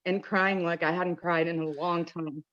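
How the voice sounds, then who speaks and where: A woman giving an emotional personal testimony in an earnest, halting way with many restarts, choked up at times. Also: on the low side, fairly even intonation, a bit bright, dull audio. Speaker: call-in participant.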